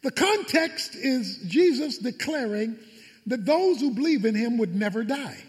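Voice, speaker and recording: High-pitched, lively preaching man. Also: unhurried, long reverb tail. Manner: emphatic preaching with dramatic retellings. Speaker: pastor. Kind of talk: sermon.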